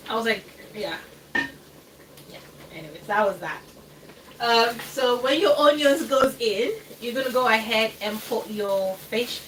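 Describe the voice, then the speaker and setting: Speaking a little slowly in a medium-pitched, slightly bright voice, a woman livestreams herself cooking in her home kitchen. She chats casually and ramblingly, laughing often and hesitating with fillers, captured by a distant mic with faint background noise.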